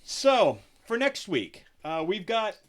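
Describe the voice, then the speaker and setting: A man's voice: high-pitched, big pitch swings, takes it slowly. A middle-aged man co-hosting a podcast, chatting casually in a rambling way and swearing freely into a podcast mic. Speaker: podcast co-host.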